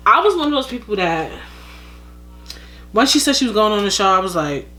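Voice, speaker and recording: A woman's voice: medium pitch, fairly quick, pauses often, soft background music. Blunt gossiping woman vlogger. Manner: animated, blunt and profane. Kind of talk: casual gossip commentary.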